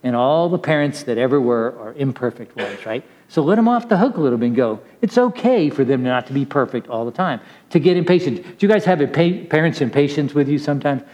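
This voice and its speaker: A man's voice: medium pitch, animated, brisk, hardly any pauses, darkish tone, big-room sound, poor audio. A middle-aged man preaching a casual, storytelling sermon to young people, chatty and self-deprecating, laughing at his own stories.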